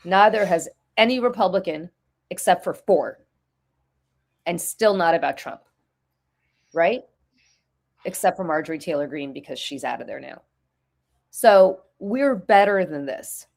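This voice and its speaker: A woman's voice: on the low side, moderate pace, vocal fry, long pauses. A middle-aged woman co-hosting a political talk show, blunt and profane, hammering her points with repetition. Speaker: podcast co-host. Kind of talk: political commentary chat.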